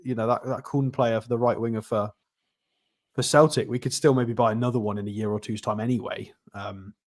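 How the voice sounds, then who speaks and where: A man's voice: mid-range voice, steady tone, a little fast. Opinionated man talking football. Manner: opinionated, plain-spoken. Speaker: podcast co-host. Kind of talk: casual football chat.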